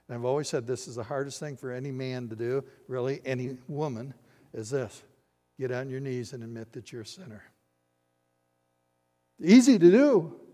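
An older male pastor delivers a sermon in a voice of average pitch. He swings between loud, emphatic declarations and quiet, hushed lines. His voice rings with a long reverb, as if he is preaching in a large sanctuary.

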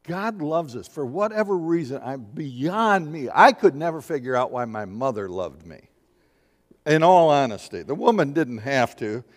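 A man preaching a sermon in a lively, conversational way, asking the congregation questions and acting out little voices. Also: a little high, moderate pace. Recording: long hall reverb.

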